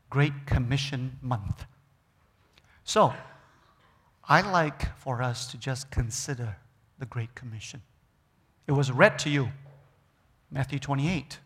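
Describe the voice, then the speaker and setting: A middle-aged man preaching a sermon as a guest speaker in a church, animated, swinging from loud emphasis to near-whispers. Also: a little high, breathy edge. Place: church sanctuary. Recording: long reverb of a church hall.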